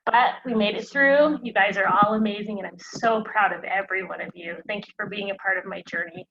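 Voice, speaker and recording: A woman's voice: mid-range voice, brisk, creaky. A woman yoga graduate giving an earnest, grateful farewell speech over a video call. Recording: lo-fi video call with loud noise.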